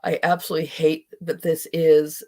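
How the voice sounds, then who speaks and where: A woman's voice: low-pitched, mellow. A middle-aged woman hosting a podcast, speaking in an impassioned, indignant monologue and at times near tears. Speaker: podcast host.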